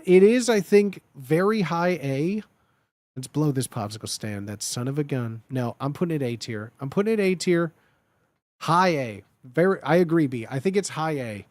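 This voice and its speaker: Young guy ranking phrases for laughs, fairly high voice, dry close sound, mock serious. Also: dry recording. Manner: animated, mock-serious, repeats catchphrases in put-on voices. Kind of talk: comedic tier-list riffing.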